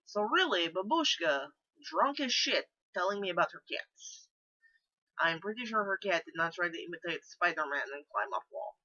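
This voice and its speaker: A young woman vlogger tells a casual story in a put-on Russian accent, deadpan and dropping her articles. Her voice is bright and forward. The recording is slightly muffled and lo-fi. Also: medium pitch, normal speed.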